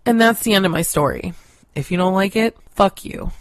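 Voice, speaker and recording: A woman narrating a short story in a deadpan, sardonic manner. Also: medium pitch, a little fast, no echo. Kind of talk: scripted story reading.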